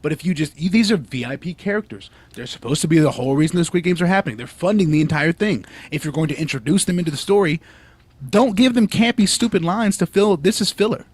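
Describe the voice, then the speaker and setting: A man co-hosting a casual podcast chat, talking in a rambling, animated way with lots of fillers and restarts. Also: a little high, fast, husky, no room sound. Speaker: podcast co-host.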